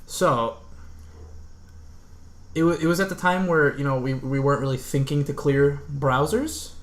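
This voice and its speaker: A man co-hosting a podcast, telling a story in a laid-back, lively way. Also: medium pitch, a little slow. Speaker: podcast co-host. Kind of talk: casual storytelling.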